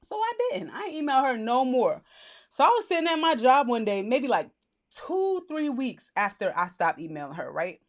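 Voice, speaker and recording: A woman's voice: fairly high pitch, big pitch swings, moderate pace. A woman vlogger telling a personal story in a casual, goofy way, laughing often as she talks.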